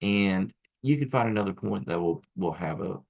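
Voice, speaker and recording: A man's voice: sits low, expressive, normal speed, gravelly, darkish tone, muffled recording. A man teaching acupuncture students in a casual, rambling lecture full of restarts and asides. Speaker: acupuncture instructor. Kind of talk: recorded lecture.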